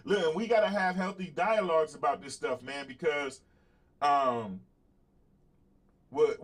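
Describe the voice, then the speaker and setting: Blunt, profane talk show host, man. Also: fairly high pitch. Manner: blunt, profane, emphatic, repeats himself; laughs between points, calls out to viewers. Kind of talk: casual livestream monologue, answering chat.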